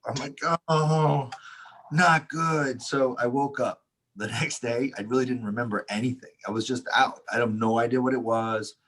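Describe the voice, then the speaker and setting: A man co-hosting a casual talk, telling an anecdote with lively quoted dialogue, frequent laughs and swearing. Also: mid-range voice, brisk, a little hiss or hum. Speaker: Taoist teacher, podcast co-host. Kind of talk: casual storytelling chat.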